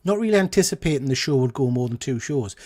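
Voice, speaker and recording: A man's voice: medium pitch, expressive, quick pace, darkish tone. A man co-hosting a casual comics chat show, rambling and correcting himself as he talks. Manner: chatty, rambling, self-correcting. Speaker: podcast co-host.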